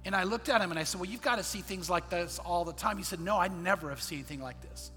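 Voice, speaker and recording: A man, a pastor, telling a personal story in a sermon, earnest and dropping quiet in the sad parts. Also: high voice, quick pace, big-room sound, soft background music. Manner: earnest storyteller, quotes others in his own voice, drops quiet in sad parts.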